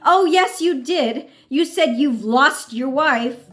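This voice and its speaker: A woman's voice: sits high, expressive, slow, a bit bright, faint music behind, voice pushed up, exaggerated voice. A woman voicing an indignant young woman who presses her lover with pointed, sarcastic questions. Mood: accusing.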